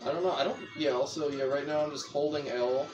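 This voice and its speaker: A man's voice: a little high, steady tone, fast talker, muffled recording. A young man casually explaining a racing video game as he plays, rambling and correcting himself as he goes. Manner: rambling, chatty, self-correcting. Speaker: gameplay commentator. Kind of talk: casual gameplay tutorial. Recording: music playing behind. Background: game music.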